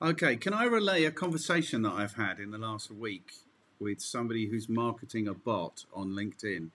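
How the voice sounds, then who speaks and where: A man hosting a casual interview, telling a wry story and reading messages aloud in a lively voice. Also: on the low side, fairly quick. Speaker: podcast host.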